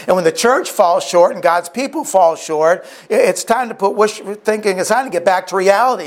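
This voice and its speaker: Animated and hardly pausing, a male preacher with a fairly high voice retells a story vividly at a moderate pace. He keeps restarting his lines and throwing in asides as his sermon goes on.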